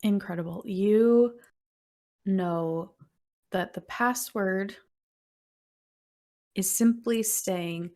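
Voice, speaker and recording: A woman narrating as game master of a tabletop role-playing game, describing scenes in an unhurried, descriptive way. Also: mid-range voice, darkish tone.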